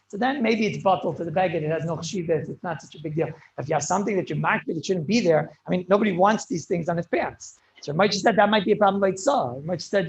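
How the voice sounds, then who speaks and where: High-voiced rabbi giving a rapid class. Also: male voice, rough recording. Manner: quick, halting delivery with many restarts; mixes English with Hebrew and Yiddish terms. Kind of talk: Torah lecture to students.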